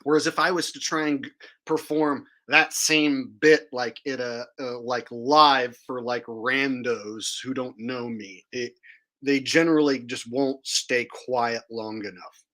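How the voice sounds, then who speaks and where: A man's voice: medium pitch, steady tone, measured pace, bright, forceful tone. A man talking casually to his stream audience, explaining things loosely with plenty of filler words. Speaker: streamer and comedian.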